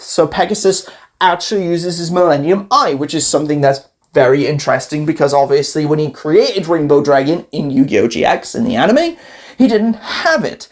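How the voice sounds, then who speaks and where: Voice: mid-range voice, animated, normal speed. A gaming creator casually retelling a card game story event, rambling animatedly, acting out scenes in quoted voices and laughing often.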